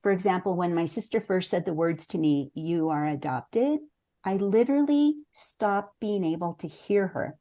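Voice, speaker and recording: Mellow-voiced earnest woman author. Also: medium pitch, normal speed, hardly any pauses. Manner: earnest and reflective, with occasional restarts. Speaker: memoir author, interview guest. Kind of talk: conversational interview answers.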